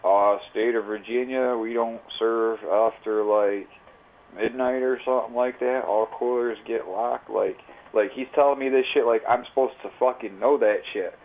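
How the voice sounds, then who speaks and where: A man's voice: medium pitch, steady tone, moderate pace. A man telling a rambling, profane story in casual, slang-heavy chat while livestreaming. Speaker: live streamer. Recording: tinny phone-like audio.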